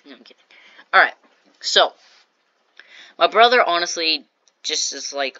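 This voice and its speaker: A woman's voice: low voice, very animated, moderate pace, long pauses, pushed and bright, muffled recording. A woman casually telling a storytime vlog, chatty and jokey, acting out what people said. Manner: chatty, jokey asides, acts out quoted lines. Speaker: storytime vlogger.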